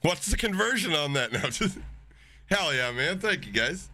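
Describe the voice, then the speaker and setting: Bright-voiced male streamer, casual and profane. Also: on the high side, normal speed, no echo. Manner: loose, profane and excitable, reacting to chat. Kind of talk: casual live-stream chat.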